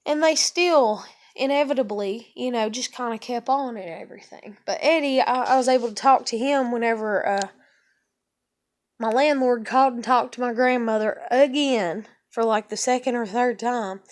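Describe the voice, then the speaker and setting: A woman's voice: fairly high pitch, moderate pace. A woman, venting in an exasperated monologue full of rhetorical questions. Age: 30s. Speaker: vlogger.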